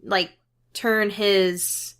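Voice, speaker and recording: A young woman trading blunt, teasing takes in a casual podcast chat. Her voice is bright and sharp-edged, at a middle pitch. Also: little pitch movement, extremely slow, clear, resonant tone. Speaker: podcast co-host. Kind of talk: casual movie review chat.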